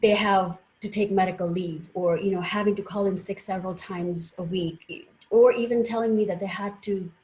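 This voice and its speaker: A woman's voice: mid-range voice, steady tone, moderate pace, a little mellow, low-quality recording. A woman doctor giving a conference presentation, telling personal stories in an earnest way with frequent fillers. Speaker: doctor and guest speaker.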